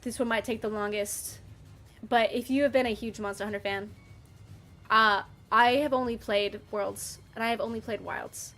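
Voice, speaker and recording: A playful woman chats casually with her livestream audience, her voice sitting a little high. She bounces between mock outrage and easy laughter as she reacts to viewers. Faint music plays behind her. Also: fairly even intonation, normal speed, fairly bright tone. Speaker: streamer reading chat.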